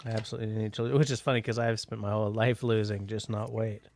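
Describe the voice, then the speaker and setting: A man's voice: on the low side, level tone, quick pace, vocal fry, darkish tone. A man from Canada hosting a casual late-night livestream chat, rambling and poking fun at himself. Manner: rambling, self-deprecating, jokey. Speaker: livestream host.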